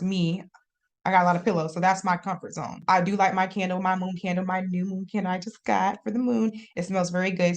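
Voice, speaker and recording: A young adult woman talks as a guest on a podcast in a relaxed, conversational way. Her voice sits a little low, and she is expressive and laughs easily. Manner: chatty and expressive, laughs often. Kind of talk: casual interview chat.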